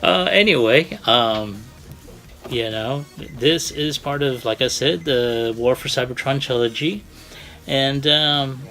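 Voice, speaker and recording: A man's voice: mid-range voice, takes it slowly, bright, forceful tone, soft background music. Rambling male toy reviewer, casual. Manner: rambling, many fillers, friendly.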